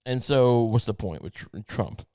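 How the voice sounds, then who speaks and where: A man's voice: medium pitch, moderate pace, warm tone, smooth, dry recording. Podcast guy going off, swears a lot, keeps restarting his sentences, dry close sound with no room around it. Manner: profane, rambling, many restarts. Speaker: podcast host. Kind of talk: casual comedic rant.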